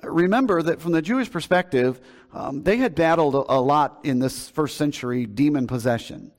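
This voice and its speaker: A man's voice: a little high, normal speed. A male pastor delivering a sermon, retelling a scripture story with emphasis in a conversational preaching manner. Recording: long hall reverb.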